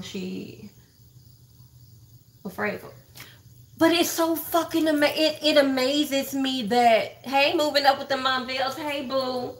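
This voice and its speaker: Speaking in a high, somewhat bright voice, this Texan livestreamer talks straight to her audience, dishing on online drama with blunt, profane gossip.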